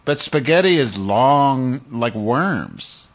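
A man's voice: mid-range voice, animated, slow pace. A man on a talk show reacting with disgust and disbelief.

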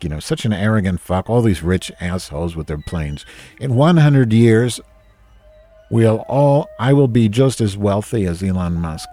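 A man's voice: low voice, mellow. A man from New Jersey hosting a casual ranting monologue, grumpy, sarcastic and full of swearing. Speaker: host.

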